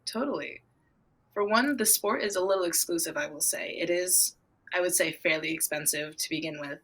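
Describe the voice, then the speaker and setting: Bubbly teenage girl, bright voice. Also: on the low side, moderate pace. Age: teens. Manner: bubbly, storytelling, acts out her own excited reactions. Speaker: young equestrian guest. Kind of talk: casual interview answers.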